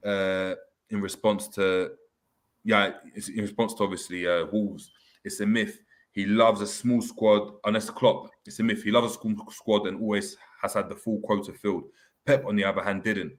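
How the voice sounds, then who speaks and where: His pitch is fairly low with a touch of brightness, and his accent is London. The young host talks quickly in slangy chat, running a relaxed live stream and voicing viewer comments.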